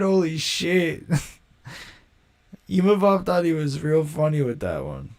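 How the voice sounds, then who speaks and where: A young man hosting a casual live stream, talking in a slangy, rambling way and quick to mock. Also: on the high side, expressive. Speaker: livestream host.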